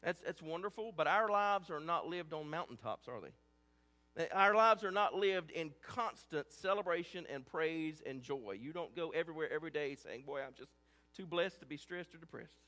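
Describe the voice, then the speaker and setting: A man's voice: on the high side, lively intonation, moderate pace, bright, forceful tone, long reverb tail. A man preaching a sermon as a pastor, earnest and conversational, often restarting his words.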